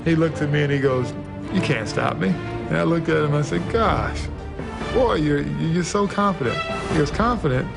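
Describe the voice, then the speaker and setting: A man with a somewhat high, gravelly voice tells a story from his rookie year and pokes fun at himself. Music plays clearly underneath his voice. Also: normal speed. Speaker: former pro basketball player. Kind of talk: storytelling interview clip.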